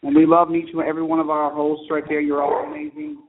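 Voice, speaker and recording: Fast-talking man on a tinny phone line. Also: fairly high pitch, sing-song. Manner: eager storyteller, quick and rambling. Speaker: children's book author, guest. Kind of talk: casual phone interview chat.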